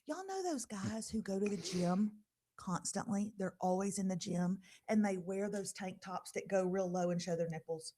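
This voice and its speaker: A middle-aged woman hosting a casual live podcast, telling lively stories and mimicking people. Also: mid-range voice, normal speed. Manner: animated storyteller, laughing, mimicking others. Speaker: podcast host.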